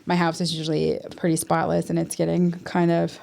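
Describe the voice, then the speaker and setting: A woman as a podcast guest, candidly recounting a personal story in a halting way, with many restarts and quoted self-talk. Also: fairly low pitch, completely flat delivery, creaky, darkish tone.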